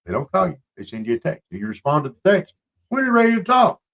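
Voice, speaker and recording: A man's voice: fairly high pitch, wildly swooping pitch, fast, creaky, a bit bright. A man co-hosting a morning talk show, talking in an emphatic, opinionated way. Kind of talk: casual morning show banter.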